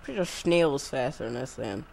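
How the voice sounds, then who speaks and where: A woman's voice: a bass voice, animated, normal speed, vocal fry, heavy background noise. A woman giving casual let's-play commentary, rambling and thinking aloud as she mumbles to herself. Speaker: gameplay commentator.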